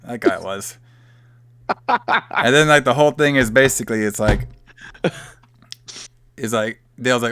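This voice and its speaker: A man's voice: mid-range voice, a little slow, pauses often, fairly bright tone, no room sound. A man hosting a podcast, loosely and profanely retelling a movie plot in casual chat. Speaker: podcast host.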